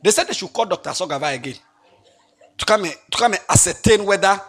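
A high-voiced man delivers a sermon with a husky edge. His pitch swoops widely as he tells the stories, and he half-sings the scripture in a lilting way. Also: quick pace. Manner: animated, lilting scripture reading with dramatic swings. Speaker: preacher.

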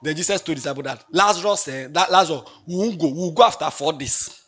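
A man preaching a sermon, reading scripture in a lilting, sing-song way and swinging between loud bursts and near-murmurs. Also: fairly high pitch, quick pace, slightly rough.

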